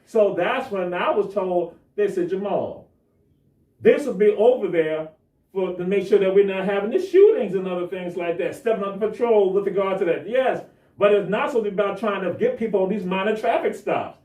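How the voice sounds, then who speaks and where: High-voiced man telling a story animatedly. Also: moderate pace, dark tone. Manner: dramatic retelling, acting out dialogue. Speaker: guest. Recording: echoey room, mic at a distance.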